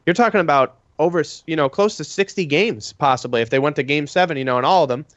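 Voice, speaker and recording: A man co-hosts a casual sports podcast, rambling through his analysis with plenty of fillers. His voice is slightly high, recorded dry with a dull, lo-fi tone. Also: fast talker, a bit bright, no echo. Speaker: podcast co-host.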